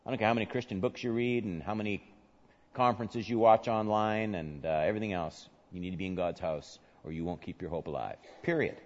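A male pastor preaching a sermon, swinging from soft, low murmurs to loud, emphatic peaks. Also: fairly quick. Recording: dull sound with long hall reverb.

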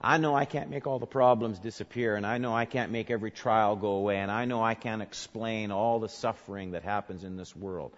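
A male pastor preaching a sermon, swinging from soft, low murmurs to loud, emphatic peaks. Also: fairly even intonation, a little fast, few pauses. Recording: dull sound with long hall reverb.

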